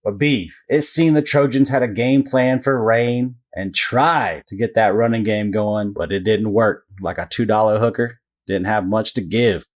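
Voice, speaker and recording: A man's voice: fairly low pitch, normal speed. A man co-hosting a sports podcast, giving game recaps in a casual style with crude jokes. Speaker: podcast co-host.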